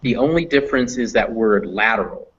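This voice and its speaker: A man's voice: lowish voice, lively intonation, a little fast, fairly bright tone, slightly rough. A man teaching English phonetics in a live online class, explaining patiently with fillers over a computer mic. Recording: dull lo-fi online class audio.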